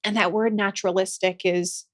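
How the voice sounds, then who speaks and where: Gentle, earnest woman podcast guest. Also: mid-range voice, flat delivery, moderate pace. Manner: earnest, gentle and reflective, gets emotional. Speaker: guest, somatic practitioner and author. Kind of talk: podcast interview.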